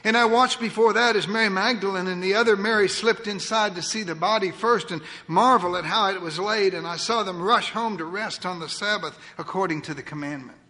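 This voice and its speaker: A man preaching a dramatic first-person sermon, swinging between booming lines and hushed ones. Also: a little fast, few pauses. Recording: long hall reverb.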